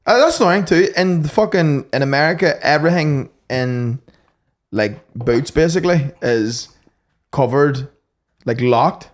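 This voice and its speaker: A young Northern Irish man co-hosting a podcast, telling sweary anecdotes in casual chat. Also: a little high. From Northern Ireland. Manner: swears freely, quick anecdotal storytelling. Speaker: podcast co-host.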